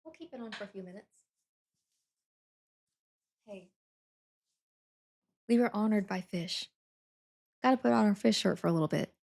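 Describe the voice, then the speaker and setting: A woman's voice: medium pitch, moderate pace, vocal fry, long pauses, darkish tone. A woman chatting casually on a live stream, giggling often as she answers her viewers. She talks from home while packing things up. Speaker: livestreamer.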